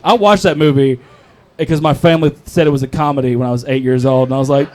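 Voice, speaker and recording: Young North Carolina man with a Southern accent, slightly high voice, crude and rambling stand-up delivery. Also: steady tone, quick pace, a little mellow. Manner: crude, rambling, self-mocking with laughs. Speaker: stand-up comic. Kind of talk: open mic stand-up comedy.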